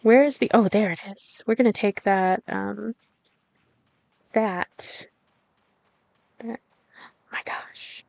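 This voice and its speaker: A woman's voice: medium pitch, takes it slowly, vocal fry, pauses often, darkish tone, no echo. A young woman giving casual, bubbly let's-play commentary as she plays a game, giggling and cooing at the animals on screen. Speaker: gameplay streamer.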